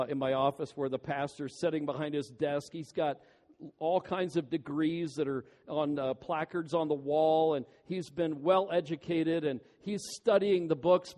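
A man preaching a sermon as pastor, earnest and pleading, stretching out key words slowly for emphasis. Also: fairly high pitch, a little mellow. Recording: long hall reverb.

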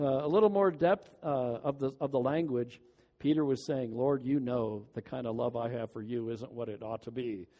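A man's voice: medium pitch, mellow, long reverb tail. A man preaching a sermon, earnest and emphatic, with folksy asides. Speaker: pastor.

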